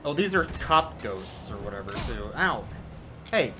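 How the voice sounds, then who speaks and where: A man's voice: lowish voice, sing-song, normal speed, loud music behind the voice. A man streaming a video game, chatting casually with his viewers, swearing and laughing, and cooing at his cat. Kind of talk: casual gameplay commentary.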